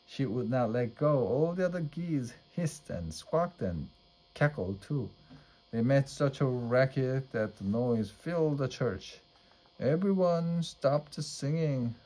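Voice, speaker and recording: A man reading a children's storybook aloud at a measured pace. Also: medium pitch, animated, mellow. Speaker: storybook reader.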